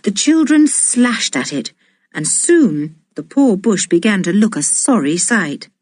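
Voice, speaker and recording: A woman reading a children's adventure audiobook aloud in a slow, deliberate and expressive way. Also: medium pitch, no room sound, clean studio sound. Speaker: audiobook reader. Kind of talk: storybook narration.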